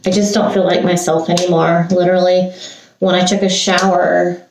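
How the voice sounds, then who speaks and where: A woman's voice: fairly low pitch, flat delivery, normal speed, a little mellow, a little hiss or hum. An older woman from Santa Cruz, California, vlogging as she gets ready and talking in a rambling, emotional way with sighs and restarts. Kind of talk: get-ready-with-me chat. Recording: roomy echo, heard from a distance.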